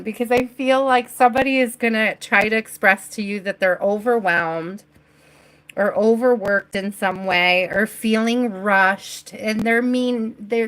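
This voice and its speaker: A woman doing a live-stream tarot reading, chatty and affectionate with her viewers and giving gentle spiritual advice. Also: mid-range voice, low-quality recording. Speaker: tarot reader.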